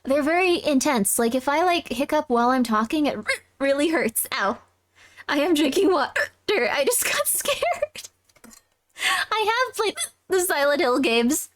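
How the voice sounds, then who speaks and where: In a dry recording, a young woman streams a game live, her high voice lively in intonation at a moderate pace. She keeps up giggly, casual chatter, addressing her viewers in chat.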